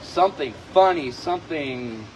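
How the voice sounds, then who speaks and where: A man's voice: on the high side, lively intonation, moderate pace, a little hiss or hum, poor audio. A man interviewing a musician in a loose, rambling way, restarting his questions as he goes. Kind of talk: casual interview.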